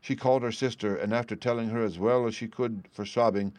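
A man with a fairly low voice reads a fairy tale aloud in a measured, steady storybook manner. The sound is dry and close, with no room around it. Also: no echo. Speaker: audiobook reader. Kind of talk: storybook narration.

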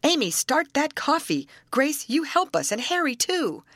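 A woman playing a brisk girl captain. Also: sits high, very animated, fairly bright tone, no room sound, voice pushed up, exaggerated voice. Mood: commanding. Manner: firm, giving orders.

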